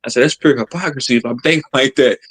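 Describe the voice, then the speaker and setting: A man who talks fast, piling one boast on another in casual, profane street slang. His pitch sits in an ordinary middle range. He is a guest on a live-stream chat. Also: husky. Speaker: panel guest.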